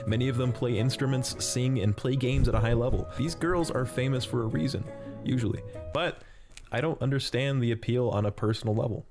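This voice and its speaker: A man's voice: mid-range voice, a little fast. Blunt, sarcastic man narrating over music. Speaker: video essay narrator. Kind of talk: scripted comedic narration.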